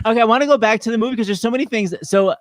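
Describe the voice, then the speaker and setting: A man hosting a talk show over a video call, gushing and quick with his questions. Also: very high voice, dry recording. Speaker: host.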